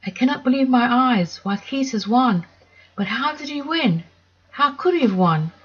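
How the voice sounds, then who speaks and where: Calm, self-assured giraffe, read by a woman, steady and matter-of-fact, dull recording. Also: mid-range voice, normal speed, lightly acted.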